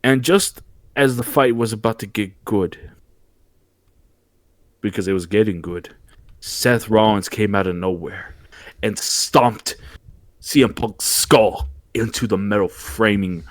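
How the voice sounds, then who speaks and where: A podcast host with a fairly low voice excitedly recaps a wrestling show in casual chat, animated as he tells it but stumbling through frequent restarts. He speaks slowly, pausing often, in a recording with no echo.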